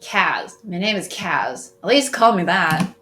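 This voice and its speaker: A woman's voice: lowish voice, animated, slow pace, sharp tone, slight background noise, exaggerated voice. A woman voicing a defiant teenage boy who answers in curt, dismissive lines. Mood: sullen.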